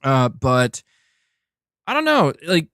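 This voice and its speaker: A male gaming livestream host chats casually and excitably as he reads out viewer messages. His voice is mid-pitched and sounds dry and close. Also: slow, no echo. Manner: excitable and chatty, often says "dude".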